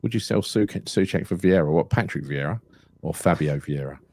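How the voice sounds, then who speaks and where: A man with a deep voice chats loosely about football with friends, swearing and telling stories. The sound is dry and close, with nothing around it. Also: expressive, brisk, dark tone, husky, no room sound. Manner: chatty, swears freely, tells anecdotes. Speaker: podcast co-host. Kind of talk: casual football banter.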